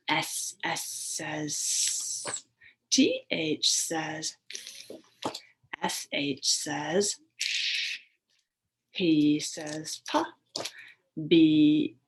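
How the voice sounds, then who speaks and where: A woman teacher giving a phonics lesson to young children over a video call, sounding out letters slowly and clearly. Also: low-pitched, a little hiss or hum.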